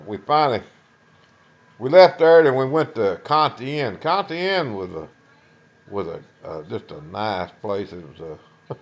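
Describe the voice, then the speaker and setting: An older Texan man with a low, gravelly voice tells his own war memories. He talks in a folksy, halting way, stopping often to restart. The recording sounds dull and lo-fi. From Texas. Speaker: Vietnam veteran. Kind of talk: personal war storytelling.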